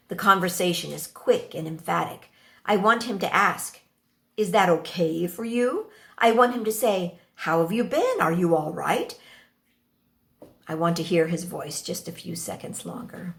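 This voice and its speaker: A woman reads a first-person story aloud for an audience of listeners, taking her time over every phrase. Her voice sits low and carries a gravelly edge, and she shifts into the other characters when they speak. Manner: slow, expressive, acts out the dialogue. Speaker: stage performer reading a story.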